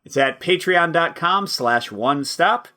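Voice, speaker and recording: A man's voice: fairly high pitch, expressive, slow, sharp tone. A man co-hosting a board game podcast in casual chat, laughing easily and stumbling over his words. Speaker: podcast co-host, game designer.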